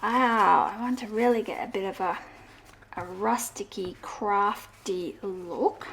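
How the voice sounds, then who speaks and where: A woman's voice: mid-range voice, slow, creaky, fairly bright tone. A woman chatting casually while decorating a journal, meandering through her thoughts with fillers and self-corrections in a sing-song way. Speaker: journaling vlogger. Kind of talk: casual crafting chat.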